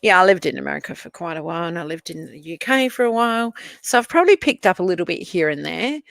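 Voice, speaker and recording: A woman's voice: fairly low pitch, sing-song, fast, creaky, fairly bright tone, dry recording. A middle-aged Australian woman hosting a livestream, chatting casually and laughing as she reads viewer comments, swearing freely. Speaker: livestream host.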